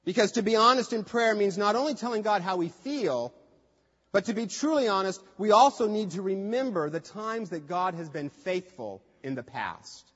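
A man's voice: sits high, animated, moderate pace, a bit bright, breathy edge. A man preaching a sermon in a conversational way, acting out quoted voices with light humor. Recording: dull lo-fi sound with long hall reverb.

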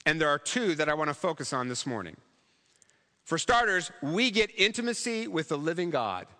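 Guy preaching in church, jokey and chatty, kinda high voice, big echoey hall. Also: sing-song, normal speed, bright, forceful tone. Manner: humorous, conversational preaching with acted-out quotes. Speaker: pastor. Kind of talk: sermon.

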